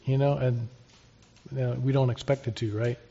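A man's voice: mid-range voice, level tone, normal speed, vocal fry, dark tone. Earnest man preaching a sermon. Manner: earnest, conversational preaching with rhetorical questions. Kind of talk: expository sermon. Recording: slightly dull, lo-fi sermon recording.

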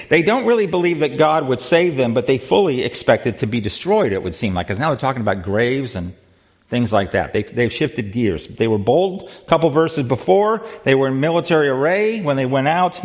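A man's voice: mid-range voice, lo-fi sound. A man leading a church Bible study in a conversational way, quizzing the group and often repeating words.

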